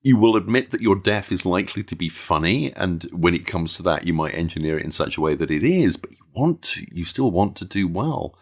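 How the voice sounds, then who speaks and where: A man's voice: low-pitched, expressive, fairly quick, hardly any pauses. A man co-hosting a role-playing podcast, chatting casually with dry, wry humor. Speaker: podcast co-host. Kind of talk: casual chat.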